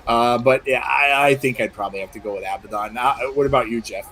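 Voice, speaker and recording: A man's voice: medium pitch, quick pace, sharp tone, a little hiss or hum. Chatty male podcast co-host. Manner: chatty, many fillers and restarts. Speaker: podcast co-host reading viewer questions. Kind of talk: casual live podcast chat.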